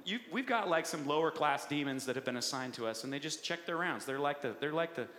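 A man preaching a sermon with a playful, animated, punchy delivery. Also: a little high, quick pace. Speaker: pastor. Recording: echoey hall with long reverb.

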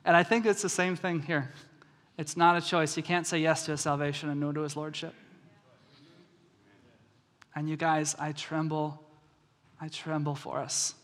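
High-voiced preacher man in a reverberant hall. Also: normal speed, pauses often. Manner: animated storytelling, shifts from soft to loud. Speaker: pastor. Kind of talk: sermon.

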